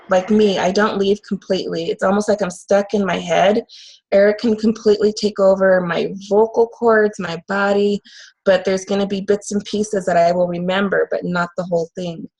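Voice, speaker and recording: A woman working as a medium, talking in a casual, earnest and halting way with frequent fillers. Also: mid-range voice, fairly even intonation, a little mellow, poor audio. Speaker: channeling medium. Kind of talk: casual conversation.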